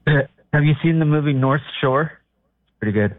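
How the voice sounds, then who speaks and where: A man's voice: fairly high pitch, unhurried, dry recording. A man calling into a radio show, rambling and hedging as he shares his opinion. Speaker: caller. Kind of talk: casual call-in radio banter. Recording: tinny dry phone line.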